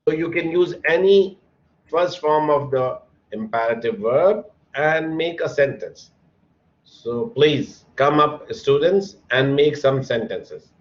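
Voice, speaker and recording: A man's voice: fairly high pitch, animated, slow pace, muffled recording. A man teaching an English lesson, patiently calling on students by name and encouraging them. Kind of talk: online classroom lesson.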